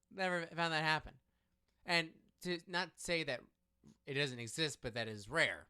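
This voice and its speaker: A man talks in a lively, animated way, often breaking off and restarting his sentences. His voice is bright and forceful, with a smooth, crisp clarity. He is co-hosting a casual political chat. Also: a little high, moderate pace. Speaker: podcast co-host.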